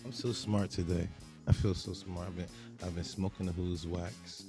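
Male co-host, boisterous banter, low pitch, faint music bed. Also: little pitch movement, normal speed. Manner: boisterous, loud and joking. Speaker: podcast co-host. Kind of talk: casual podcast banter.

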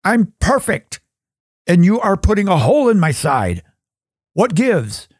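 A man voicing a perfect building stone that protests in a high, squeaky voice as it is chiseled. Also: big pitch swings, measured pace, no echo, clean studio sound, heavily acted. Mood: protesting. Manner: shrill, protesting.

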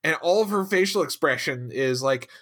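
Bright-voiced man telling a story. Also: a little high, normal speed. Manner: animated storytelling, acts out scenes. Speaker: podcast co-host. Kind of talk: casual chat.

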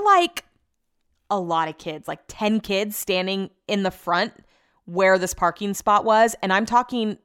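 A young woman tells a personal story in a casual, conversational way. Her delivery is animated and emphatic, sprinkled with filler words, and her voice sits at an average pitch for a woman.

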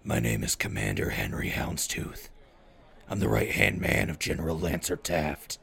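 A man's voice: animated, moderate pace, creaky, a bit bright, breathy edge, full character voice. A man doing an offhand mercenary commander. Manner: casual, unimpressed, low-key. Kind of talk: audio drama acting.

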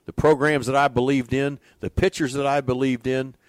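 Older guy, ex pitching coach, folksy yarns, dry close mic. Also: moderate pace, dry recording. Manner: folksy, animated storyteller who acts out quoted dialogue. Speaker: former pitching coach, interview guest. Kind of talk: storytelling in a conversational interview.

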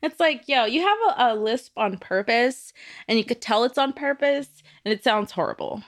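Podcast co-host, woman, bright higher voice, giggly and animated. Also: normal speed. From United States. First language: Spanish speaker from childhood. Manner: giggly, animated storytelling with laughter. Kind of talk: casual chat.

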